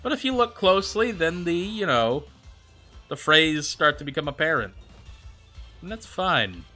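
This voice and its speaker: A man's voice: on the high side, sing-song, a little slow, bright, forceful tone, soft background music. A man streaming and chatting casually with viewers, rambling with plenty of fillers and answering them by name. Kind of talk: casual livestream chat.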